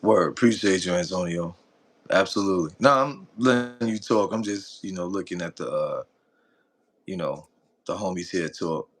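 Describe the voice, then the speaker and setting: A man with a New York accent banters on a livestream in a teasing, slangy way. His voice sits low, but his pitch swings around a lot as he jokes. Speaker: stream guest. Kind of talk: casual livestream chat.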